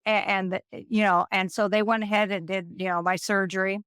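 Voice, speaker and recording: A woman in her fifties, a nurse, telling stories in an interview and acting out the people she quotes in an animated way. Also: mid-range voice, fairly quick, clean tone, dry recording, clean studio sound. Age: 50s. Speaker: nurse and guest. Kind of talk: storytelling interview.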